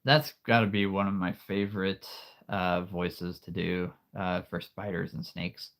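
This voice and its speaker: Low, slow-talking man hosting a livestream. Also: steady tone, fairly bright tone. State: sore throat. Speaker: livestream host. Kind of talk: casual livestream chat. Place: home livestream.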